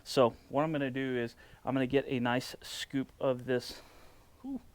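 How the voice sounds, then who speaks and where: A man's voice: mid-range voice, normal speed, no echo. Easygoing man hosting a cooking vlog. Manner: enthusiastic, relaxed, filler-heavy. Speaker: barbecue cooking channel host. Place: outdoors at a smoker.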